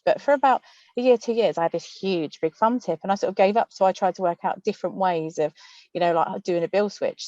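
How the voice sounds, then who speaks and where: A woman's voice: on the low side, warm tone, no echo, highs cut off. A woman, a magician, chatting casually on a panel over a video call from inside a car, with many fillers.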